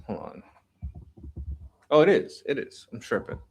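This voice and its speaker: A man's voice: mid-range voice, big pitch swings, unhurried, a little hiss or hum. Joking male streamer reacting live. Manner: joking, sarcastic asides. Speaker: political commentary streamer. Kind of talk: casual reaction commentary.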